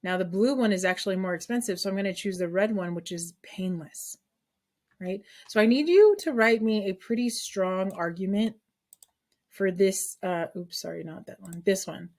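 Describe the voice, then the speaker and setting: A woman teaches a math class in a lively, chatty way. She explains each step aloud and keeps checking in with the students. Her voice sits at an everyday middle pitch. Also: moderate pace. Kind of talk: classroom lesson.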